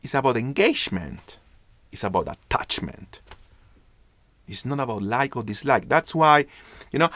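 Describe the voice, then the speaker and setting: A man's voice: a little high, a bit bright, no echo. A man giving an online branding lesson. He speaks emphatically, repeats his key points, and acts out little dialogues. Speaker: branding lecturer. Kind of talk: online business class.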